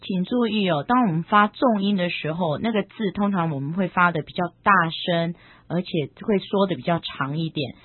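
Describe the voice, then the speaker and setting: Female co-host, chatty explainer with drawn-out phrase endings; husky tone, tinny lo-fi recording. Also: on the low side, no room sound. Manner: chatty, drawn-out sentence-final particles. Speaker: co-host translating the lesson. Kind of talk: explanatory lesson talk. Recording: tinny narrow-band radio sound.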